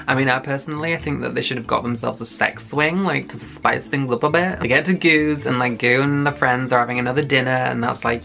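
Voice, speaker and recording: A young man recapping a web series in a loose, rambling way, full of fillers and swearing. His voice has a gravelly edge at a middle pitch, with a faint musical bed behind him. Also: brisk, hardly any pauses, fairly bright tone, faint music behind. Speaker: YouTube reviewer.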